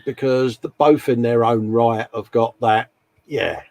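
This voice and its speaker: A man's voice: medium pitch, steady tone, a little slow, a little mellow. A man hosting a casual live-stream chat, rambling and friendly, calling everyone mate. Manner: chatty, rambling, calls people mate. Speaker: host.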